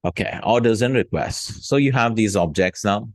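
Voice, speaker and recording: An Arabic teacher with a lowish voice gives a casual language lesson, recorded close and dry with no room sound. He pronounces each word slowly and repeats it, often checking in with little "hmm?" and "no?" prompts.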